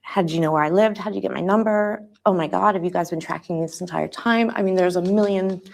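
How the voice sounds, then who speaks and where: Low, gravelly-voiced woman recounting her past. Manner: halting, hesitant speech with many restarts. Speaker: interviewee. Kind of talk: emotional personal account.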